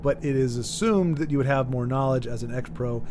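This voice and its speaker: A man's voice: medium pitch, fairly quick, darkish tone, slight background noise. A man streaming live, chatting casually and rambling while he reads out viewer comments, with frequent restarts and chuckles.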